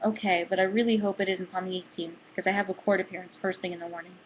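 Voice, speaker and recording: A woman reading a brisk, busy husband. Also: on the low side, fairly even intonation, highs cut off, a little hiss or hum, natural voice. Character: busy married lawyer husband, practical.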